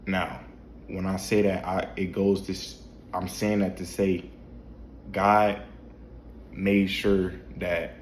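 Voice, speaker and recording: A man's voice: deep voice, level tone, slow, pauses often, echoey room, slight background noise. A man talking casually about faith to camera at home, repeating himself and asking rhetorical questions. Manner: repetitive, preachy, with restarts and rhetorical questions. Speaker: faith vlogger. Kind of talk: casual spiritual talk to camera. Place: home at night, dim room.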